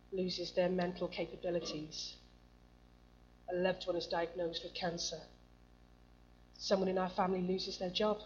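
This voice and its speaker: A woman preaching a sermon to a congregation, reading scripture and asking the room questions in a conversational way. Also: fairly low pitch. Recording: muffled lo-fi recording with faint hum.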